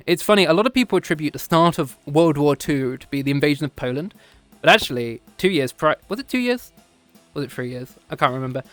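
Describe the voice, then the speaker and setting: Streaming from home in a VR chat session, a British man delivers a casual, improvised history lecture. His voice is a little high and fairly bright, with no room sound, and he wanders off on tangents, correcting himself with little laughs.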